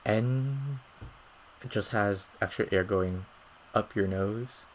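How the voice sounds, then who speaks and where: Deep-voiced man explaining pronunciation patiently. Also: a little hiss or hum, poor audio. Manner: patient and methodical, often checking in with "right?". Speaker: language teacher. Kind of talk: explaining pronunciation over slides.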